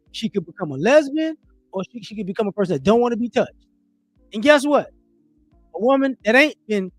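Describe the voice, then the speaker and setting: A man's voice: high voice, dry recording. Emphatic man ranting on a livestream. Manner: emphatic, repeats words, slips into mocking voices. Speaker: livestream commentator. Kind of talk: opinionated livestream rant. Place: home livestream setup.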